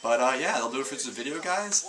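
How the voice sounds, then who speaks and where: A man's voice: medium pitch, expressive, fast talker, a crowd in the background, poor audio. A man giving a casual video review of a wrestling show, rambling through his recap with lots of fillers and restarts. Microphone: camera mic.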